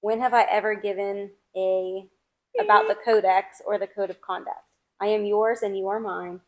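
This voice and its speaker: A woman's voice: medium pitch, fairly even intonation, darkish tone. A woman co-hosting a book club podcast, enthusiastically retelling favorite scenes and reading quotes. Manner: enthusiastic, drawn-out storytelling. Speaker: podcast co-host. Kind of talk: casual book club chat.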